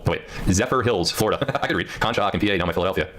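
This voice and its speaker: A man's voice: low-pitched, rapid-fire, background noise. A man livestreaming in casual chat, rambling and reading out viewer comments.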